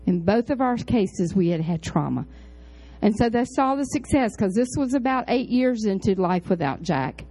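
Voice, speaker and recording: A woman pastor tells a chatty story in a sermon, animated and full of high exclamations and low asides. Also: moderate pace, slightly rough, low-quality recording.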